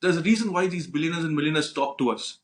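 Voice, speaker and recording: A man co-hosting a podcast, talking in a slightly higher register. He tells stories with lively energy and swears freely as he chats with his co-host. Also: fast. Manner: animated storyteller, swears freely. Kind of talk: casual podcast chat.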